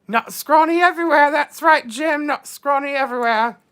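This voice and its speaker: A woman's voice: fairly high pitch, animated, slow pace, a bit bright, full character voice. A woman playing a vain, flirtatious mature duchess who drawls "darling" and trades bawdy innuendo while hosting a live chat in character. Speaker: live-stream host in character.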